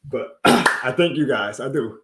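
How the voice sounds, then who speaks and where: A man's voice: mid-range voice, lively intonation, a little slow, echoey room, background noise. A man chatting casually on a live stream, heartfelt and rambling, laughing often and answering chat. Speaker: YouTube sports streamer.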